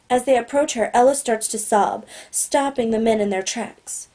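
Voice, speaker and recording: A woman narrating a novel in the first person, steady and plain. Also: fairly high pitch, moderate pace. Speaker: audiobook narrator.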